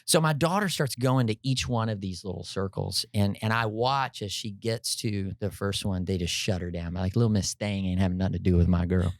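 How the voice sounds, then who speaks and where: Animated man telling a story, low voice. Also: fairly quick, hardly any pauses, dry recording, studio quality. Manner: energetic, peppers talk with "right?" and "like, you know"; addresses listeners directly, folksy and humorous. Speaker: podcast guest telling a personal story.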